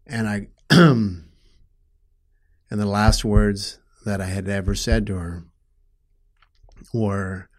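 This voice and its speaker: Halting, emotional man, low voice. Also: steady tone. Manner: emotional, halting, restarts often, grows loud when upset. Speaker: guest telling his story. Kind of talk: personal storytelling in an interview.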